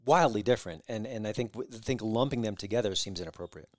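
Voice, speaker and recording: A man hosting a podcast interview, asking measured, thoughtful questions and building them carefully. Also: fairly low pitch, darkish tone, dry recording, studio quality. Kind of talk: casual interview chat.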